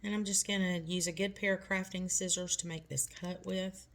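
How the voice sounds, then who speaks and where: Woman, middle-aged, fairly low voice, casual tutorial, chatty and reassuring. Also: steady tone, normal speed, fairly bright tone. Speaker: nail tutorial host.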